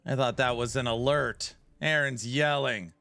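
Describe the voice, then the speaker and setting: Bright-voiced male game streamer. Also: mid-range voice, steady tone, unhurried, creaky, no echo, soft background music. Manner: chatty and self-mocking, talks back to chat. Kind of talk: casual live-stream chat while gaming.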